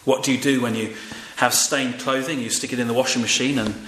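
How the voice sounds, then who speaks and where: An older man preaches a sermon in a relaxed, conversational way, often turning to his listeners with questions. His voice sits at a middle pitch. The room around him is echoey, with a faint hum of background ambience. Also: a little fast. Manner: conversational, with fillers and audience prompts.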